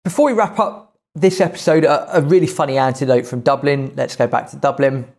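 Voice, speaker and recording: A man's voice: medium pitch, a little fast, darkish tone. A man hosting a podcast who tells travel anecdotes in casual chat. He rambles, restarts sentences and says "you know" often. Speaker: podcast host.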